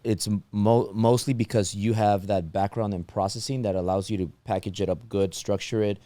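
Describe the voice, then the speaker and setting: Man, low voice, podcast host, halting questions, dry close sound. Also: dry recording. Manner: relaxed, halting questions with restarts. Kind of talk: casual interview.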